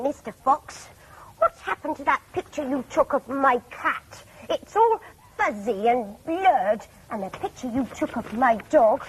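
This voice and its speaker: Woman doing a prim lady customer, complaining, high voice, lively pitch. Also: a little hiss or hum, poor audio. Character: fussy, indignant lady customer.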